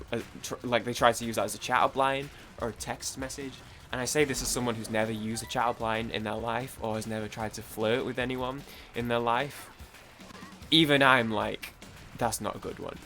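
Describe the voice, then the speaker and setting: A man's voice: mid-range voice, steady tone, moderate pace, a bit bright, faint music behind. A young man with a Mancunian accent chatting casually while gaming, rambling, stammering, repeating words and swearing freely. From Manchester, England. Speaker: gaming streamer.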